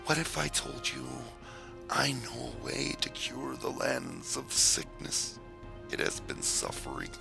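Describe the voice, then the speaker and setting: A man's voice: mid-range voice, sing-song, a little slow, creaky, music in the background, full character voice. A man voicing a scheming male goblin king who is also a lich, speaking with sly, mocking politeness. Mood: mock polite.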